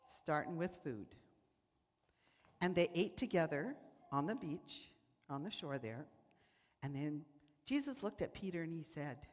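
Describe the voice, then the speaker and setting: Here the preacher is a woman with a low-pitched voice at normal speed. Her sermon, recorded with church hall reverb in a sanctuary, is full of stories in which she animatedly acts out each person's quoted words.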